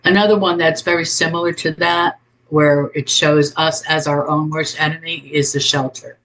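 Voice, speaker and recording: Man speaking in an even, flat tone. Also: fairly high pitch, moderate pace, low-quality recording. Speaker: panelist. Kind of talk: convention panel discussion.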